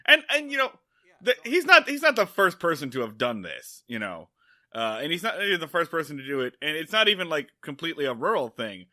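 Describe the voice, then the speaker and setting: A man hosting a podcast, talking in an animated, joking way with casual swearing. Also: on the high side, brisk. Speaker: podcast host. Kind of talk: casual discussion.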